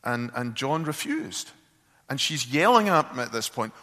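Slow, bright-voiced male preacher. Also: mid-range voice, sing-song, big-room sound. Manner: halting, repeats words, earnest. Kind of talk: sermon storytelling.

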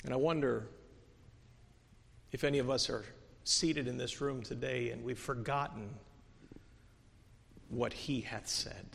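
A man's voice: mid-range voice, steady tone, unhurried, creaky, long pauses, husky. Earnest man preaching in a reverberant hall. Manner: earnest, swings from soft to emphatic with many restarts. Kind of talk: sermon. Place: church sanctuary.

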